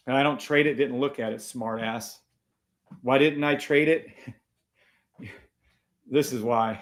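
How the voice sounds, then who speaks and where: A man hosting a live trading stream, taunting and swearing at viewers in a combative way. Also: medium pitch.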